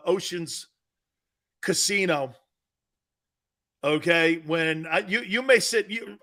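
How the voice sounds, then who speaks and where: A man hosting a live sports talk show, joking loudly with viewers, reading their comments and laughing often. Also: sits high. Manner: joking, loud, laughs often, calls out chat names.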